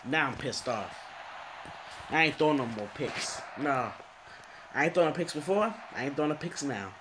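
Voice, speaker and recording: A young man giving frustrated gameplay commentary, swinging between low muttering and exasperated, swearing outbursts. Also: lively intonation, normal speed, background noise. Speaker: gaming commentator.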